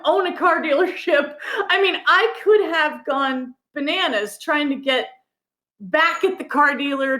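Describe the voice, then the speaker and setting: A high-pitched woman recounts a personal story as an interview guest, laughing now and then. Her voice rings a little in an echoey room. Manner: animated, laughs while telling a story. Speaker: guest author. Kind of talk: conversational storytelling.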